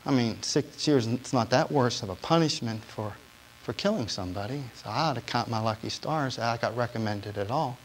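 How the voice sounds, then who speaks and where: A man preaching a personal testimony, telling his story and asking the congregation questions, shifting between hushed and emotional passages. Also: medium pitch, normal speed, a little hiss or hum, rough recording. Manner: storytelling, asks the audience questions; swings from quiet to loud and emotional. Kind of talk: sermon testimony.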